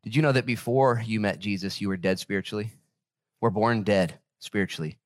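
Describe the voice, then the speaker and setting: Animated, conversational male pastor. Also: on the low side, a little fast, dry recording, clean studio sound. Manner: animated and conversational, joking with the congregation. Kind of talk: sermon.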